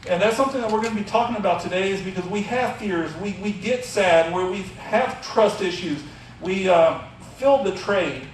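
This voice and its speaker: High-voiced man preaching in an echoey room. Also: moderate pace, distant mic, a little hiss or hum. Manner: casual, conversational preaching. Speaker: youth pastor. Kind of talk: sermon.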